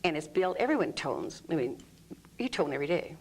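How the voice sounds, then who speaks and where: A woman's voice: deep voice, sing-song, fairly quick, slightly rough. A woman explaining an energy healing technique in an interview, demonstrating groans, sighs and vocal sounds as she talks. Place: room under studio lights.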